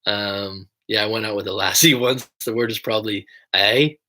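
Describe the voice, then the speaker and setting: A man's voice: lowish voice, steady tone, normal speed, bright, forceful tone. A young American man who coaches people through breakups, chatting casually and rambling on a livestream, swearing now and then. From United States.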